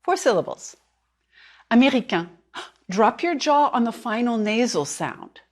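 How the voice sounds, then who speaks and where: A woman language teacher, narrating a lesson clearly and deliberately and slowing down on words she wants repeated. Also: on the high side, sing-song. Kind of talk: instructional narration.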